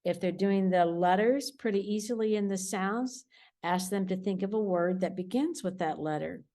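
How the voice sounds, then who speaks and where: A woman's voice: medium pitch, moderate pace, mellow. A woman preschool teacher explaining home activities to parents in a patient way that repeats the key points. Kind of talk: recorded weekly lesson for parents.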